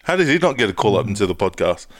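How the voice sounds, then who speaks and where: A man's voice: on the low side, very animated, rapid-fire. An Australian man hosting a podcast, upbeat and steering the segments in casual chat. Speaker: podcast host.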